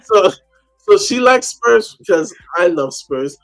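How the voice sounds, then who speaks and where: A man's voice: high-pitched, animated, slow pace, faint music behind. A man chatting casually on a call-in show, telling a story animatedly and acting out the people he quotes. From United States.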